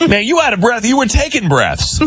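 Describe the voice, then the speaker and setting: A man's voice: sits high, a bit bright, a little hiss or hum. Radio host guy, bouncy up and down voice, joking around with callers. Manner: quick, laughing, playful. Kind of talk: morning radio quiz banter.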